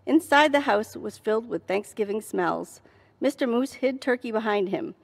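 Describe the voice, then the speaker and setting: A woman reading a children's picture book aloud in a church with clear, steady storytelling. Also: a little high, moderate pace. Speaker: story reader. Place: church hall.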